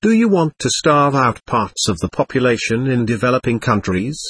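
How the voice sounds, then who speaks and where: A man voicing a small, friendly male alien who lectures earnestly in a string of questions, in a husky voice. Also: medium pitch, big pitch swings, moderate pace, a bit bright, no room sound.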